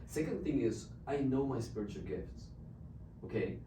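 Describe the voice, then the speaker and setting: A man with a Czech accent talks as a guest, expressive and quick to laugh. His pitch moves around a lot. He sounds distant from the mic in a roomy space, with faint room noise behind him. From Czech Republic. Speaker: missionary guest. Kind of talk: animated storytelling.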